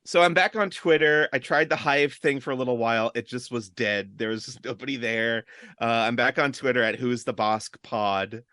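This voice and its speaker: A man chatting casually as a podcast guest, easygoing and quick to laugh. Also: mid-range voice, steady tone, sharp tone, no room sound, studio quality. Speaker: podcast guest, entertainment reporter. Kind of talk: casual chat.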